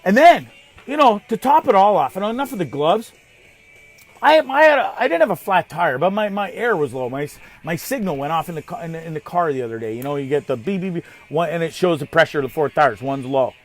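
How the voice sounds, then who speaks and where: A high-pitched man in his thirties from Canada hosts a live show, venting in an animated, exasperated rant. He swears freely and throws insults at his listeners. Soft music plays faintly behind him. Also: brisk. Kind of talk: ranting monologue.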